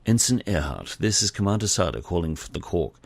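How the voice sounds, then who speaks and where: A man voicing a calm male Vulcan commander who speaks in a clipped, formal way. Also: deep voice, a little fast, creaky, dry recording, heavily acted.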